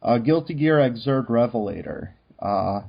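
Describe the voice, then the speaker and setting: A man's voice: mid-range voice, very animated, measured pace, vocal fry, breathy edge. A man co-hosting a podcast in casual chat, talking loosely with many fillers. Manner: chatty, many fillers like "um" and "you know". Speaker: podcast co-host. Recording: dull lo-fi recording.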